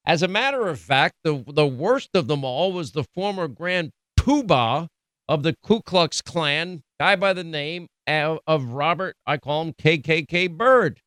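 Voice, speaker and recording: A man's voice: a little high, animated, a little slow, fairly bright tone, dry recording. Indignant male talk radio host. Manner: indignant, emphatic, sarcastic. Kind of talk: political commentary.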